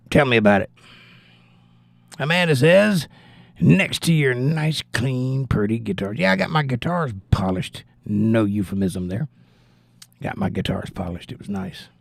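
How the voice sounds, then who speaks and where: A man's voice: fairly low pitch, vocal fry, breathy edge, no room sound. A man hosting a live stream, giving blunt, opinionated political commentary in a casual chat style and answering viewers. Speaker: livestream host reading chat.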